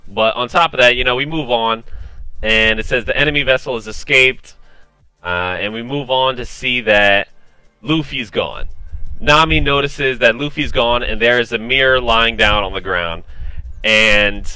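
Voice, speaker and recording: A man casually recapping a comic chapter, excited and full of fillers and restarts. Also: medium pitch, unhurried, clean tone, no room sound, soft background music, rough recording. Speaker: manga reviewer.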